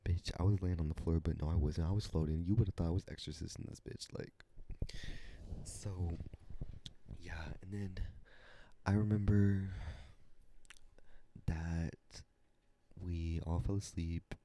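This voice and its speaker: A young man hosting a podcast, telling a story in a casual, animated and profane way, dropping into whispers at times. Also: low-pitched, a little slow, long pauses, no room sound. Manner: animated, profane, dramatic retelling with sudden whispers. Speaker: podcast host.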